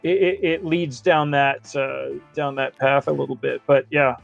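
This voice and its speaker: A man's voice: mid-range voice, steady tone, a little slow, creaky, muffled recording, faint music behind. A man co-hosting a film podcast in casual chat, thoughtful and agreeable as he builds his points. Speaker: podcast co-host.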